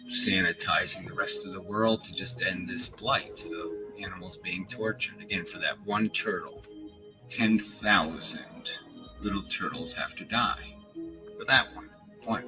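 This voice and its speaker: A man's voice: deep voice, rough recording. A man giving an emphatic, scornful philosophical monologue full of rhetorical questions.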